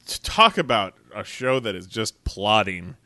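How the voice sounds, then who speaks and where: A man chats on a podcast with a bright, forceful tone, ranting and swearing freely and laughing often. The sound is dry and close, with no room around it. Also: on the low side, a little slow, dry recording. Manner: profane, animated ranting with frequent laughs. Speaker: podcast co-host. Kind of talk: casual chat.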